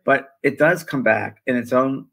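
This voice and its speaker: Gravelly, husky older man, rambling storyteller. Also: medium pitch, unhurried, fairly bright tone, poor audio. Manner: rambling, with many fillers and restarts. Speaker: co-host, spiritual medium. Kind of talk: casual conversational storytelling.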